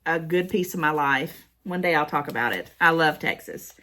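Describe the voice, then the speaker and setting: A woman's voice: low voice, moderate pace, pushed and bright. A middle-aged American woman chatting casually as she reads fan mail aloud, gushing and emotional, often repeating her words. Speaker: haul vlogger.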